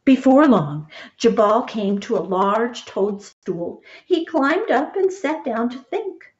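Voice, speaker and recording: A woman reading a picture book aloud, gentle and expressive, stopping to point out the pictures. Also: on the high side, slow, lo-fi sound. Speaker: storybook reader.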